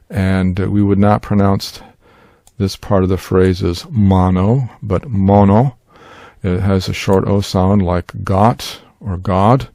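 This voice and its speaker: An older-sounding man who teaches Bible languages gives a screen-share tutorial in an unhurried, explanatory way, using frequent fillers. His low, gravelly, mellow voice is recorded close to a desk mic with no echo.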